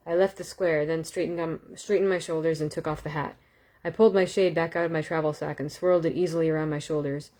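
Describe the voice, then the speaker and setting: A woman reads a novel aloud in a calm, even narration, now and then correcting a slip. Her voice sits low and settled. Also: fast talker. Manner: calm, with small self-corrections and asides. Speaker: audiobook reader. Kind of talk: fan novel reading aloud.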